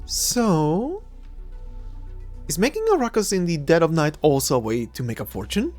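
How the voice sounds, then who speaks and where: A woman's voice: deep voice, very animated, normal speed, darkish tone, faint music behind. A woman playing a cocky, teasing adventurer-thief. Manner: playful, mocking, laughs often. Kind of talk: fan audio drama voice acting.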